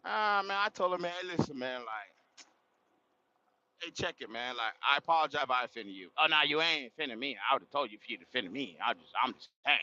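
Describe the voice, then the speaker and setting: A man's voice: mid-range voice, animated, brisk, bright, forceful tone. A man telling a story to his livestream chat in a casual, slangy way, often laughing and exclaiming. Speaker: livestream host. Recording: dull lo-fi sound.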